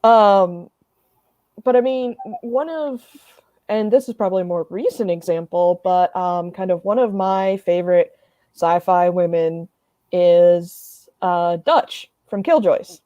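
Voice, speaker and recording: A woman's voice: on the low side, takes it slowly, dark tone, no room sound, highs cut off. A woman panelist chatting casually on a video call, often restarting her sentences.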